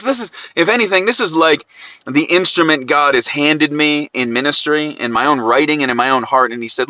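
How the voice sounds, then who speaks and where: Ohio guy preaching, bright forceful voice, fired up then drops soft, dull dry lo-fi recording. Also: on the high side, brisk, dry recording. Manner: impassioned, swings from loud emphatic peaks to quiet asides. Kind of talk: podcast sermon.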